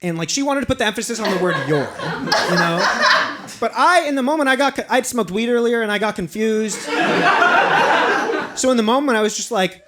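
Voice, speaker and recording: A man's voice: sits high, expressive, brisk, pauses often, heavy background noise. A man doing a rambling, self-deprecating stand-up set in a small apartment, acting out little voices. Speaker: stand-up comedian. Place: small apartment with a live audience. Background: audience laughter.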